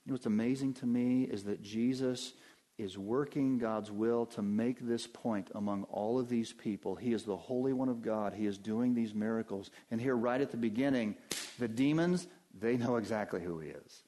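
A man preaching a sermon as pastor, emphatic and addressing his congregation directly, his delivery swinging from low and quiet to loud and high. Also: normal speed.

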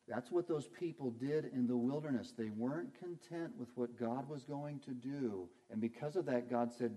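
A man's voice: mid-range voice, moderate pace, few pauses, mellow. A man preaching as pastor, earnest, asking questions and answering them himself. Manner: earnest, asks and answers his own questions. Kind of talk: sermon.

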